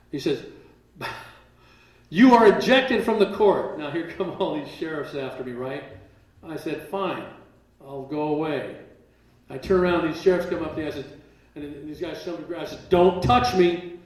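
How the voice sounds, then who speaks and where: A man's voice: fairly high pitch, brisk. A man speaking at a live seminar, telling stories animatedly and acting out what others said, with occasional laughter. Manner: animated, acts out quotes, laughs while telling. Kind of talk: storytelling to a live audience. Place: large room with a live audience. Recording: roomy echo, distant mic.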